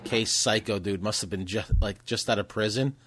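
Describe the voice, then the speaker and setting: A man's voice: on the low side, normal speed, slightly rough. A man co-hosting a comedy podcast, chatting casually and acting out the people in his stories. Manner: animated storytelling, acts out quotes. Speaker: podcast co-host.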